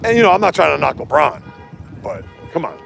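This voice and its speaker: A man hosting a casual sports livestream outdoors while walking, ranting and reading chat comments in an animated way. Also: on the high side, fairly quick, gravelly, over music.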